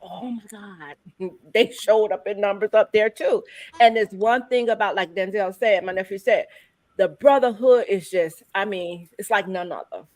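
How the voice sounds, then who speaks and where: A woman hosting a casual livestream chat, animated and teasing, laughing often. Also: medium pitch, normal speed, no room sound. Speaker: host.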